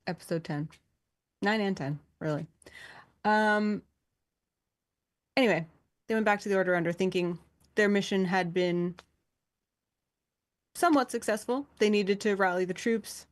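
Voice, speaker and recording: A woman casually recapping a tabletop game show in a chatty, loose way. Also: mid-range voice. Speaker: cast member presenting a recap.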